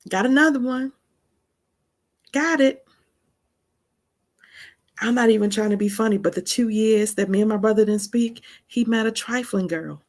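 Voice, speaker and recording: Gravelly-voiced woman teaching with gusto. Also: mid-range voice, brisk, hardly any pauses. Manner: animated, emphatic storytelling. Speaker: host and teacher. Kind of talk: informal spiritual teaching.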